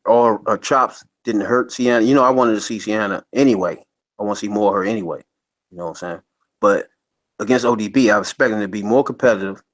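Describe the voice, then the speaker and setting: A man co-hosting a podcast in casual chat, laid-back, slangy and amused. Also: lowish voice. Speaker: podcast co-host. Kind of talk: casual wrestling review chat.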